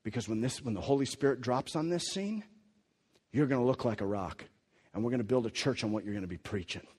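A man with a husky voice voicing Jesus as a calm, confident teacher in a sermon, with long hall reverb. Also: mid-range voice, fast talker. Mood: reassuring. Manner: earnest, reassuring.

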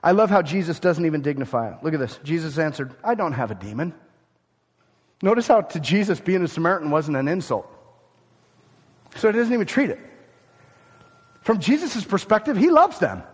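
A man preaching a Bible sermon, animated and conversational, often acting out the people he quotes. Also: on the high side, brisk, pauses often, husky, big-room sound. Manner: animated, acts out quoted speakers.

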